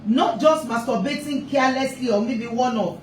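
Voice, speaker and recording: A family therapist and parenting speaker gives an impassioned talk on parenting in a slightly raised, high-pitched voice at a moderate pace, emphatically repeating points to drive them home. She sits back from the mic in a roomy, echoey space with a faint hum of ambience.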